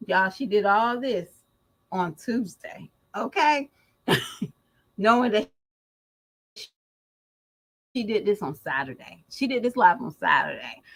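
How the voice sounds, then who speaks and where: Slow-talking, slangy woman vlogger. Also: medium pitch, expressive, poor audio. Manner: slangy, laughing, drawn-out and emphatic. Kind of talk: casual gossip commentary.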